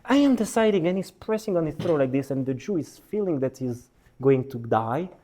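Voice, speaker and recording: A man, a rabbi, giving a lesson as an animated story, repeating words for emphasis. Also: medium pitch, normal speed. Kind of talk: storytelling sermon. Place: synagogue hall.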